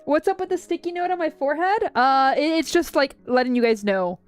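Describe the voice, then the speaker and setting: A woman's voice: high-pitched, brisk, no echo, faint music behind. A woman streaming a game, chatting casually with many "like" fillers. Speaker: streamer playing and reading a game aloud. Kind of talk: casual livestream chat.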